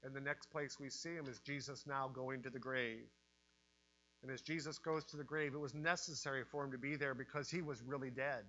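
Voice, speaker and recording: A man preaching a sermon, dropping to a hush and rising to loud cries. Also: medium pitch, steady tone, fairly quick. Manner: dramatic swings from hushed to loud.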